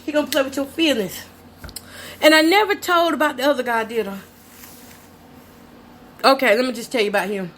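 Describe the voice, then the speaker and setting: A woman's voice: sits high, a little fast, long pauses, slight background noise. A middle-aged woman hosting a vlog, telling a personal story in a candid, chatty way, talking straight to her viewers and laughing between lines. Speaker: host.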